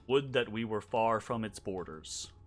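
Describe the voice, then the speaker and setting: A man voicing an old frog-folk elder who speaks slowly and gravely in a low voice. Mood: ominous. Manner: slow, low, solemn speech.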